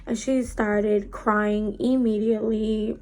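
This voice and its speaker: A young woman vlogger telling a personal story in a casual storytime chat, acting out the quotes in lively voices. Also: mid-range voice, slow pace. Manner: animated, acts out quotes in changing voices. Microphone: camera mic while doing makeup.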